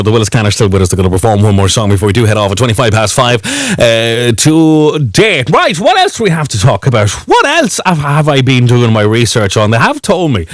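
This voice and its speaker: A man's voice: medium pitch, no echo. A man with an Irish accent hosting a live radio interview, chatty and joking with lots of fillers. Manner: chatty, jokey, many fillers. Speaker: radio host.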